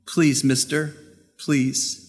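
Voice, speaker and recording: A man's voice: on the high side, flat delivery, extremely slow, a little mellow. A young boy begs for help through tears, apologetic and pleading, as a preacher puts him on. The voice is set in a hall with a long reverb tail.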